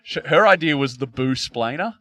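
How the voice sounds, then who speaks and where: Bright-voiced comedian guest. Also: male voice, medium pitch, lively intonation, no echo. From Australia. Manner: quick wry quips and chuckles. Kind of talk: casual comedic chat.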